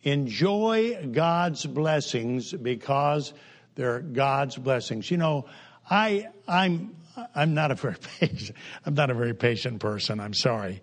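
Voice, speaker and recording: An older man preaching a humorous sermon in a folksy, joking way, with sudden jumps in pitch and pace. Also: expressive, slow pace.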